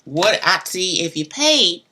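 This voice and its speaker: Slow and forceful, a woman with a lowish, bright voice and big pitch swings hosts a live tarot stream amid slight background noise. She chats bluntly and loosely, talking straight to viewers with mild cussing.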